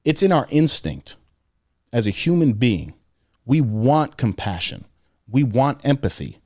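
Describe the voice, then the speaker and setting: A man's voice: medium pitch, very animated, a little slow, darkish tone, dry recording, studio quality. A young man guesting on a podcast, earnestly telling personal stories in casual conversation, with frequent fillers and restarts.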